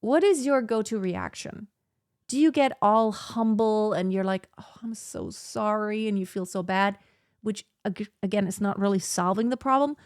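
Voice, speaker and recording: Speaking at a moderate pace, a female podcast host with a medium-pitched, darkish voice shares advice casually and reflectively. Her speech is peppered with "like," and the recording is dry with clean studio sound.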